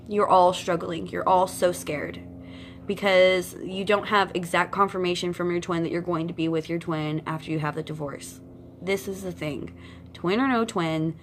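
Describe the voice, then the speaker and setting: A woman's voice: on the low side, slight background noise. A woman giving twin flame psychic advice to her viewers, talking bluntly and emphatically, repeating her points and addressing them directly. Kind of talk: casual spiritual advice monologue.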